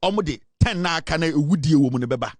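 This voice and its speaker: A man with a Ghanaian accent delivers political commentary in an emphatic, dramatic way. His voice sits high for a man. The sound is dry and close, with no room around it. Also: animated, fast talker, no echo. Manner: emphatic, dramatic, mixes Twi and English.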